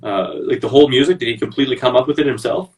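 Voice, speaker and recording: Male podcast host, quick-talking, eager interjections, casual. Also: medium pitch.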